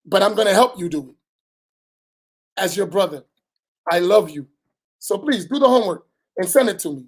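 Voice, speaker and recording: A man's voice: sits high, lively intonation, moderate pace, breathy edge. A man, an imam teaching a religious lesson in a direct, admonishing way, often tagging "right?" onto his points.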